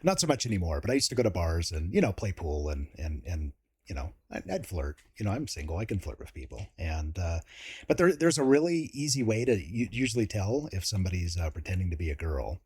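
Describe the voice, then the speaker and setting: A man's voice: sits low, very animated, fairly quick, darkish tone, slightly rough. A man hosting a casual interview, chatty and chuckling often between points. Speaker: host.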